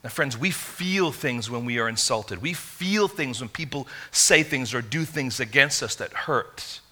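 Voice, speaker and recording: A man from England, preaching a sermon in an animated, conversational storytelling way. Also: mid-range voice, unhurried. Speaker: pastor.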